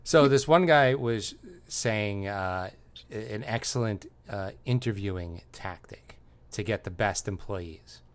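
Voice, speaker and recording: A man co-hosting a casual comedy podcast, laying out a story with dry, deadpan sarcasm. His voice sits on the low side and stays laid-back. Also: slow pace. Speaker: podcast co-host.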